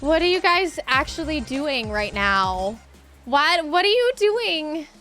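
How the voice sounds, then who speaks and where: A very high, bright woman's voice, unhurried yet giddy and excitable as she chats with her live stream viewers. She laughs and exclaims often while thanking them, with faint music playing behind her. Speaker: streamer hosting a tabletop game session.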